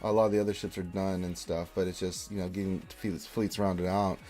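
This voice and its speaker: Faint music plays behind this livestream co-host, whose low, dark voice is level in tone and brisk in pace. He reads out chat names and viewer greetings, then rambles on with strong opinions in a casual style.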